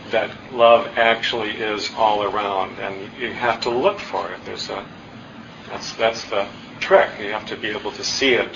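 A middle-aged man giving an earnest, self-deprecating public talk, with halting restarts. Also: on the low side, creaky, echoey room, noisy background. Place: hall with an audience. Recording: distant, dull lo-fi talk recording.

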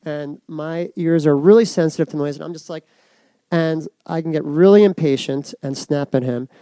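A middle-aged man giving a reflective personal talk to an audience, soft and unhurried with many pauses. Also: on the high side, dry recording. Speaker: speaker giving a dharma talk.

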